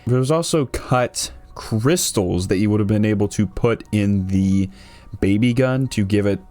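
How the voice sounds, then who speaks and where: A man giving laid-back commentary on a video game, musing aloud with easy fillers. His voice sits low, with faint music playing behind him. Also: a little slow, warm tone. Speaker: YouTube host. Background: background music.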